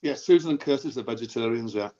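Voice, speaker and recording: Man, casual chat, animated storyteller, mid pitch, slightly muffled audio. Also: quick pace. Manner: animated anecdote teller, laughs easily. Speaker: music writer and show regular.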